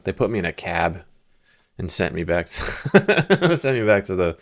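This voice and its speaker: A man's voice: low voice, very animated, unhurried. A man hosting a reaction video, telling loose, profane anecdotes in a casual chat. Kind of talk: casual storytelling commentary.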